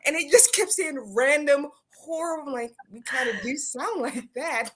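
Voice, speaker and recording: A woman's voice: high voice, moderate pace, a bit bright. A middle-aged woman co-hosting a casual live chat, telling stories playfully and laughing along. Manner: playful storyteller who laughs at her own stories.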